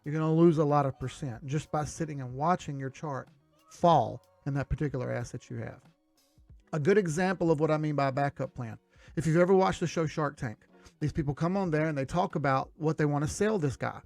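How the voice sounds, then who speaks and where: Gravelly, emphatic man teaching trading. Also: a little high, a little fast, a little mellow, dry recording, faint music behind. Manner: emphatic, direct. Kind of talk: instructional talk to viewers.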